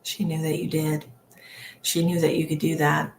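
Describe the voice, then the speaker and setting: Gravelly lady medium on a livestream, low voice, slow and soothing, lots of ums. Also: monotone, a little mellow, slight background noise. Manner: emotional, earnest, soothing; rambling with many fillers. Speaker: psychic medium. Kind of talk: live-streamed psychic reading. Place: home livestream.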